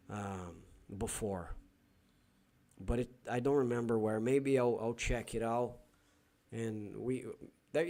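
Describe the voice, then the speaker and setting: A man's voice: medium pitch, a little mellow. A Brazilian man with a Brazilian Portuguese accent, a Portuguese teacher hosting a casual live stream and thinking aloud with many fillers and restarts.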